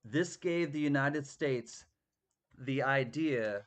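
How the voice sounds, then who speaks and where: A man's voice: medium pitch, slow. A man running a live-stream coin auction, chatty and thanking bidders by name.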